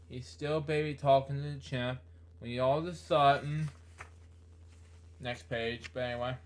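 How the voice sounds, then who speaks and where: Casting note: a man reading a book aloud, halting and slow, with many fillers. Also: mid-range voice, steady tone. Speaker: book reader.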